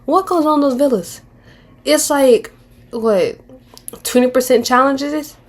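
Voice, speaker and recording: Young woman in her twenties, slangy reality-show commentary, candid, rambling, slightly high voice. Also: unhurried. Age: 20s. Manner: candid and slangy, drops into mocking impressions; rambling with frequent restarts.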